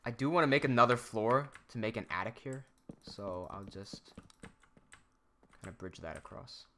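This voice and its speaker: Lively, bright-voiced young man streaming. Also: fairly low pitch, normal speed, slight background noise. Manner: rambling, self-interrupting, reads chat aloud. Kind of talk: casual live-stream chat while gaming.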